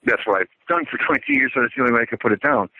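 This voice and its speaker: A man's voice: medium pitch, animated, very fast, no room sound. A middle-aged man calling in, telling a story in a casual, matter-of-fact way, like a military report. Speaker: caller. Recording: tinny phone line.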